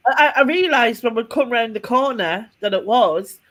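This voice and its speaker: A woman's voice: fairly high pitch, expressive, moderate pace, a bit bright. A woman, telling a story in casual podcast chat, rambling with restarts and small laughs. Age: 40s. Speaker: podcast co-host.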